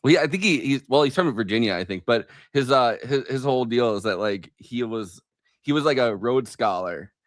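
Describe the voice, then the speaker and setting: A man co-hosting a podcast, chatting casually about politics with many halting restarts and laughs. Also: medium pitch, animated, no room sound, studio quality. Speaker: podcast co-host.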